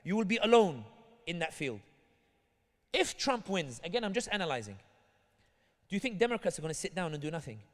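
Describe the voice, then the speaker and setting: A man's voice: sits high, a little fast, long pauses. A man from Tunisia with a British accent, giving a community talk as a guest speaker and acting out characters in his anecdotes. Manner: animated storytelling, acts out characters. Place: large hall at an Islamic center. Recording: echoey hall reverb.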